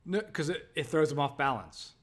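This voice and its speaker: A man sharing his training experience in casual conversation, reflective and halting. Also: on the high side, lively intonation, slightly rough. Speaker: sales trainee.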